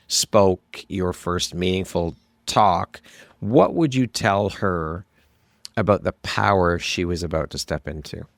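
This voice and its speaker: A man hosting a podcast interview, asking slow reflective questions and reacting with blunt surprise. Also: low voice, no room sound. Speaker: podcast host.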